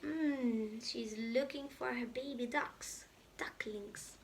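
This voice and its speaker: A woman reads a children's picture book aloud, slowly and with care, talking straight to the little listeners. Her voice is high and bright, and it swoops all over with lively energy. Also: a little hiss or hum. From Malta. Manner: animated, playful, talks to the children directly. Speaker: children's storyteller.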